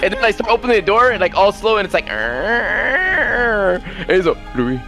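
Man, high voice, animated storytelling, acts out quotes. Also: racing, music in the background. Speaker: gamer telling a story. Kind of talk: storytelling in a gaming video.

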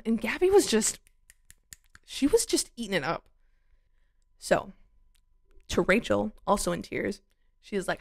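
A woman's voice: on the low side, animated, normal speed, vocal fry, long pauses. A woman casually recapping a reality dating show, talking in a chatty, opinionated way, full of "like" and freely swearing.

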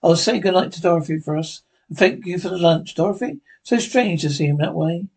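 A man's voice: on the high side, fairly quick, creaky, a little mellow, slightly rough. A man reading a TV drama script aloud, voicing every part himself and speaking the stage directions too. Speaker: script reader.

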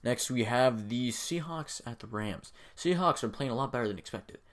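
A young man hosting his own video, making casual sports predictions with hyped, energetic bursts. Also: mid-range voice, normal speed. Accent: says he has a strange accent. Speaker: video host.

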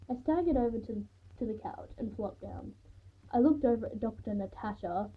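A woman's voice: mid-range voice, slightly rough. A woman reading her own first-person story aloud in a plain, unpolished way, sometimes restarting a phrase. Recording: tinny phone-like sound.

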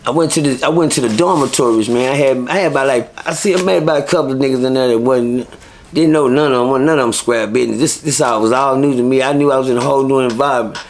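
Gravelly man telling stories. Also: mid-range voice, quick pace, a little hiss or hum. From Texas. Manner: profane, animated storyteller. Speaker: interview guest. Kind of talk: casual storytelling.

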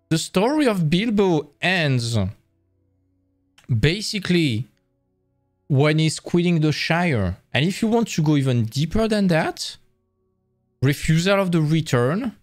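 A man's voice: fairly high pitch, no echo, clean studio sound. A man presenting a live-streamed lecture, explaining in a casual, enthusiastic way with frequent restarts.

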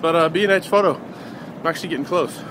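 A man's voice: fairly high pitch, quick pace. A man casually vlogging his day on the city streets, chatty and hesitant with many ums. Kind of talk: casual daily vlog. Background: traffic and street noise.

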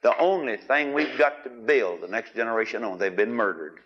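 Emphatic preacher, lo-fi recording. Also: male voice, normal speed, slightly rough. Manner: emphatic, questioning the congregation, wide swings in pitch and loudness. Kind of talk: sermon. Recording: dull lo-fi archive recording.

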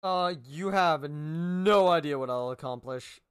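A man's voice: fairly high pitch, measured pace, clear, resonant tone. A man streaming a game live, playfully joking and bantering with the characters on screen and repeating lines for laughs. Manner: playful, jokey, talks back at the game characters; goofy, repeats lines for comic effect. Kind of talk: live gaming stream commentary.

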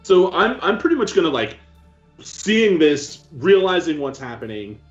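A man's voice: a little high, big pitch swings, measured pace, faint music behind. A man playing a character in a tabletop game, talking casually with laughs and restarts. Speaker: player. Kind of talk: tabletop role-play. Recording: dull lo-fi stream mic.

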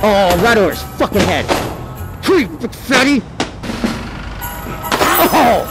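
A man giving loud, excitable gameplay commentary, swearing and shouting at the characters in a video game he is playing. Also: high voice, takes it slowly, gravelly. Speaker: gaming video creator. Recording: loud game music behind the voice.

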